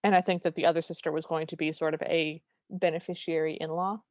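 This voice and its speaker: A young adult woman co-hosting a podcast, wryly retelling a film scene by scene with quick joking asides. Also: sits low, flat delivery, a little mellow, no room sound. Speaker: podcast co-host. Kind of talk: casual recap chat.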